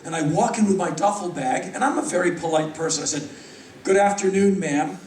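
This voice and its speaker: American man, fifties, live stage storyteller, wry and animated, high-pitched for a man, distant mic. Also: fast, slight background noise. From United States. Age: 50s. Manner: wry, animated, acts out quoted voices. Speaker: spoken word performer. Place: large concert hall. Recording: echoey hall from far off.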